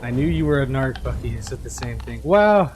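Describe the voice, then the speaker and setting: A man's voice: medium pitch, animated, a little fast, darkish tone. A playful man streaming a game. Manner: playful, teasing his chat. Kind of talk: live-streamed gameplay chat. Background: game music and rain.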